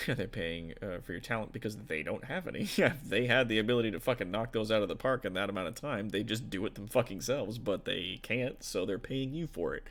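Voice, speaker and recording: A man's voice: on the low side, animated, brisk, few pauses. A man, a tabletop game master and streamer, chatting casually with viewers in a rambling, profane way full of fillers.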